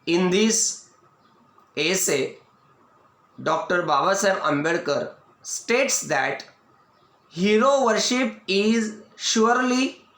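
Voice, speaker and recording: A man with an Indian English accent giving a video lecture as an English teacher, explaining slowly and restating each point. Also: high-pitched, animated, a bit bright. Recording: echoey room.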